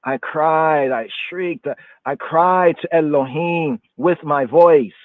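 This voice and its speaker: A man reads and explains a psalm at a slow, deliberate pace, repeating phrases like a chant. His voice sits a little high. The sound is dry and narrow, as if it came over a telephone line. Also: no room sound. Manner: slow, repetitive chanting recitation. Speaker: podcast host. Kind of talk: psalm reading and teaching. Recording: tinny phone-line audio.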